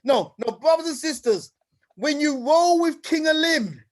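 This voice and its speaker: A man from the United Kingdom hosts and presents a live online event with lively, hyped-up energy, often calling people "brother" and "King." His voice is very high and his pace measured.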